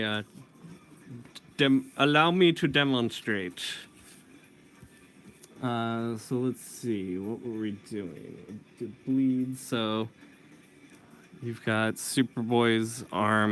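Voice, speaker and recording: A man's voice: lowish voice, fairly bright tone, a little hiss or hum. A man teaching comic inking in a casual tutorial, thinking aloud and correcting himself as he works. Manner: thinking aloud while working, self-correcting. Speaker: comic book inker.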